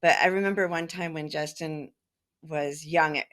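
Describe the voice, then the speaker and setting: A woman's voice: low-pitched, fairly even intonation, moderate pace, fairly bright tone. A woman life coach, a podcast guest, answering in a thoughtful, hesitant way. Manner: thoughtful, hesitant, with fillers and restarts. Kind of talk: casual interview answer.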